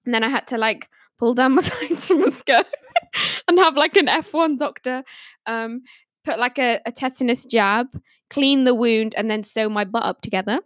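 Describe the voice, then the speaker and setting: A woman's voice: a little high, moderate pace, dry recording, studio quality. A young woman on a podcast panel, casually telling stories and laughing often as she talks. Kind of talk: casual storytelling.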